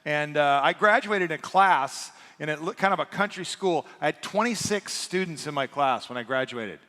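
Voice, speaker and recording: A man in his sixties trades folksy, self-deprecating jokes from the pulpit, with a voice pitched a little high for a man. The sound carries a long church-hall reverb. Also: animated, moderate pace, a bit bright. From eastern Washington, USA. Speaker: co-pastor. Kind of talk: sermon. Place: church sanctuary.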